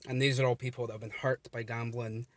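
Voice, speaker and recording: A man's voice: medium pitch, little pitch movement, quick pace, no room sound. Earnest, rambling man talking in a car. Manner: earnest, rambling, many ums and restarts. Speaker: vlogger running a gambling support page. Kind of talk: casual talk to camera. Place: inside a car.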